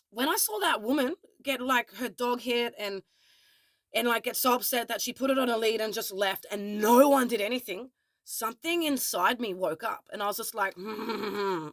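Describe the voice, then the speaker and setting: A woman's voice: on the high side, fairly bright tone, no echo. A young Australian woman telling a personal story in a casual vlog, candid and swearing freely. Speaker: vlogger.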